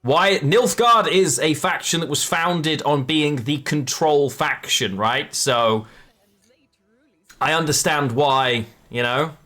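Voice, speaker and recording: A man's voice: on the high side, slow pace, sharp tone. A man live-streaming a card game, chatting with viewers and correcting himself as he plays. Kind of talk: live game commentary to chat.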